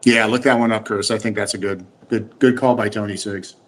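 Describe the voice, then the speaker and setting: A man's voice: fairly low pitch, fairly even intonation, a little fast. A man co-hosting a casual live stream, upbeat and friendly, greeting viewers and reading out their comments.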